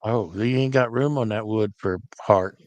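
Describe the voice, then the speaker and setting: A man's voice: lowish voice, moderate pace, darkish tone, no echo. A man joining a livestream from his living room, making teasing remarks in casual chat.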